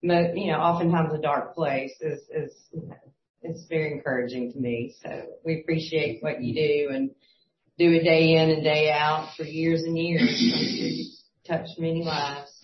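A woman hosting a Christian talk show, speaking in a gentle, affirming way with some fillers. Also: low-pitched, steady tone, normal speed. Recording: roomy, dull lo-fi recording.

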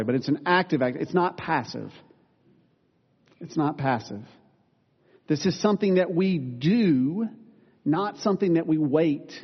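A male pastor preaching a sermon, earnest and plain-spoken, with self-deprecating asides and quick corrections of himself. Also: on the high side. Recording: dull sound with long reverb in a large room.

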